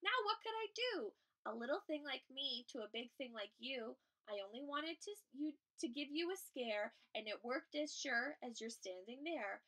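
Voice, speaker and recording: Cheeky teasing storybook mouse, a woman puts on, high bright voice. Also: expressive, moderate pace, few pauses, exaggerated voice. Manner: teasing, playful. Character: cheeky little gray mouse.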